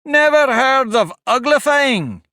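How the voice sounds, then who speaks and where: A man's voice: high voice, very animated, normal speed, no echo, studio quality, voice pushed up, full character voice. Type: a man playing a scornful Griffin. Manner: loud, brusque, scolding. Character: gruff, scornful male Griffin. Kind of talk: audiobook character voice.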